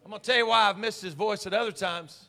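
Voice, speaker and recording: High, bright-voiced preaching man in a hall. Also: fast, slight background noise. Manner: swings from hushed pleading to shouted exhortation. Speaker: senior pastor. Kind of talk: sermon. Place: church sanctuary.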